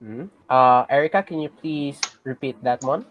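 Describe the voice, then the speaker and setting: A teacher with a Filipino accent giving a class lesson, patiently checking in with students and pausing on fillers. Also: medium pitch, narrow, tinny audio. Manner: patient, checks in with "okay?" often; hesitant, many fillers and restarts.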